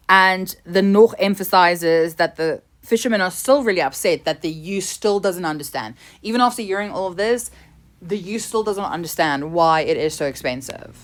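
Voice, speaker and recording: A South African woman teacher talking through exam answers, switching between languages as she translates, her voice often trailing off quietly at line ends. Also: medium pitch. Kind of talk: exam revision lesson.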